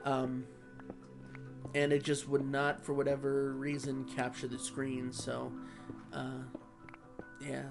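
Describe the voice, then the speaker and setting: A man chatting casually over his gameplay, rambling and easygoing with many pauses. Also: mid-range voice, completely flat delivery, gravelly, music in the background. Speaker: gaming vlogger.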